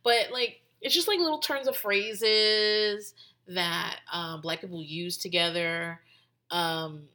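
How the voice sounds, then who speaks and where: A woman's voice: lowish voice, takes it slowly, sharp tone. A woman hosting a podcast in casual chat, talking in a loose, rambling way full of "like" and restarts and swearing freely. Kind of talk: casual commentary.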